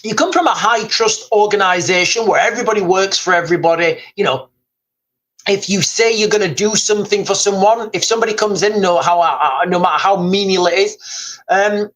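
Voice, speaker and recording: A man's voice: high voice, brisk, a bit bright, low-quality recording. A man hosting a casual livestream, rambling, repeating himself and reading out viewer comments. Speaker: livestream host. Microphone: streaming mic.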